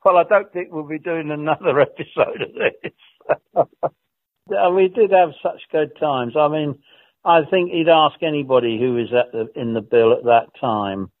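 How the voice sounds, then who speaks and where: A man's voice: on the high side, fairly even intonation, a little slow, no room sound. A man reminiscing in a rambling way about an old colleague, chuckling often and restarting his sentences, heard over a phone line. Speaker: former co-star and guest. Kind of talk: anecdotal reminiscing.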